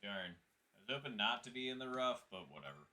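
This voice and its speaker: A man streaming a golf video game, casually commenting on his shots and chatting with viewers in a relaxed, muttering way. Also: mid-range voice, a little fast. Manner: relaxed, muttering asides to chat.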